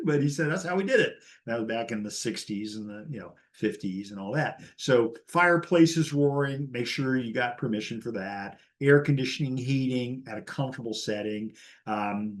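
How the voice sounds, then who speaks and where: A man teaching a live real estate class, blunt and chatty, acting out the dialogue he quotes. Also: mid-range voice.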